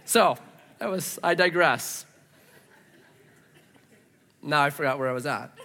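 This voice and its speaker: A middle-aged man preaching a sermon from a church stage. He tells personal stories in an animated, self-mocking way and acts out his own reactions. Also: a little high, slow pace. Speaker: pastor.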